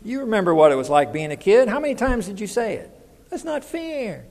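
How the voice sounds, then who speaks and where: A middle-aged male pastor delivers a conversational sermon. His voice sits high for a man, and he keeps turning to the congregation with questions. The sound carries a long reverb from the hall. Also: big pitch swings, fast talker, a little mellow.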